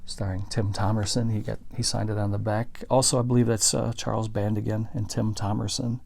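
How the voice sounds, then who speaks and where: A man with a low, gravelly voice talks through his collection in a loose show-and-tell way. He rambles and backtracks mid-sentence, keeping it chatty and unscripted. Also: flat delivery, a little fast, darkish tone. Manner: rambling, self-correcting, chatty.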